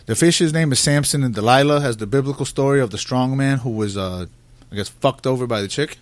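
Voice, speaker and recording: A man's voice: medium pitch, brisk, no room sound. A middle-aged man co-hosting a casual podcast, telling rambling, profane stories. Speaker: podcast co-host.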